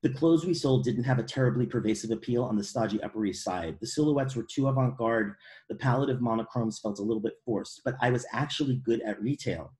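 A middle-aged man from Brooklyn, reading aloud from his own memoir in a measured, wry, precise way. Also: medium pitch, a little mellow. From Brooklyn, New York.

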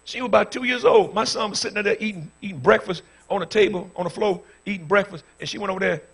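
A pastor in his fifties preaching a sermon, telling stories with bursts of shouting before moving into a fervent prayer. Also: high voice, fast talker, slight background noise. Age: 50s.

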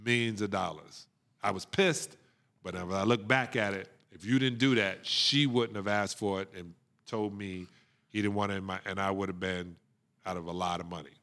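A middle-aged man, a guest on a podcast, telling stories in an animated way, laughing often and acting out the people he quotes. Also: low-pitched, normal speed. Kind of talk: storytelling in a podcast interview.

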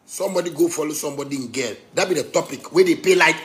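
A man from Ghana with a Ghanaian Pidgin English accent delivering a rambling, impassioned rant. He repeats his phrases and swings between loud bursts and quieter stretches. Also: on the high side, quick pace. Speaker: self-described pastor.

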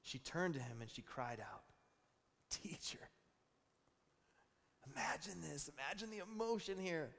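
A pastor in his thirties preaching a sermon, telling stories with animated, repeated phrases. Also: a little high, brisk, few pauses. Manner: animated storytelling with repeated words. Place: large church hall. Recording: long reverb in a church hall.

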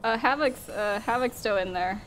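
A woman chatting casually while playing a co-op game, with halting, giggly talk. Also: a little high, noisy background. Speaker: co-op game player.

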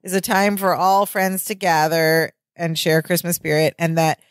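A woman's voice: on the low side, level tone, moderate pace, no echo, clean studio sound. Chatty woman retelling a sitcom episode. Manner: chatty, lots of "like" and "yeah", restarts while retelling. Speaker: podcast co-host. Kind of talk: casual chat recapping a sitcom.

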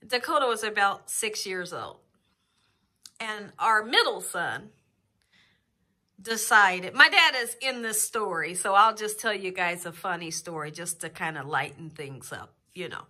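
A woman's voice: medium pitch, animated, pushed and bright. A woman, talking in a heartfelt, emotional way in a casual home vlog, close to the camera. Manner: heartfelt, slow and drawn-out, emotional. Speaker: cooking channel host. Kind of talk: casual personal vlog talk. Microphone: camera very close to her face.

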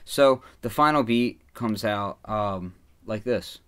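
A man giving a relaxed, step-by-step walkthrough of how he builds a beat. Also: fairly low pitch, slow pace, heavy background noise. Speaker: beat maker explaining his process. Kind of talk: casual tutorial narration.

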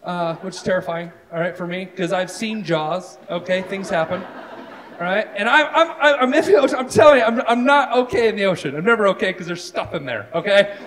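A man doing self-deprecating stand-up comedy on a live stage, talking to the audience. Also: sits high. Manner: animated, self-deprecating, lots of asides. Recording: live show with loud crowd. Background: audience laughing.

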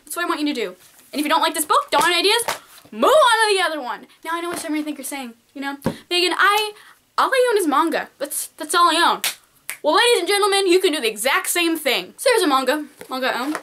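A woman's voice: sits high, animated, very fast, bright, forceful tone, a little hiss or hum. A teenage girl giving casual, peppy, encouraging art advice straight to her viewers. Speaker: art vlogger. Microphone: camcorder mic.

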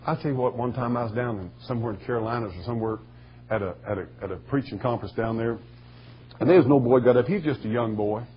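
A man preaching a sermon in a folksy storytelling way, with a husky voice. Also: medium pitch, fast, highs cut off, slight background noise. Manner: folksy storytelling, rising to shouting bursts. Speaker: pastor.

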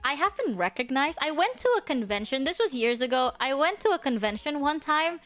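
A woman's voice: high-pitched, very animated, brisk, faint music behind. A woman vtuber streamer chatting casually and rambling with lots of fillers and laughs, sometimes dropping to a whisper. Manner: drops to a hushed whisper at times. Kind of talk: casual livestream chat.

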